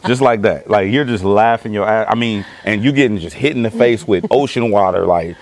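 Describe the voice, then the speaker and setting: A man from Los Angeles telling stories casually as an interview guest, animated and profane, acting out his own reactions. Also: lowish voice, brisk, noisy background. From Los Angeles, California. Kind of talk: casual conversational storytelling.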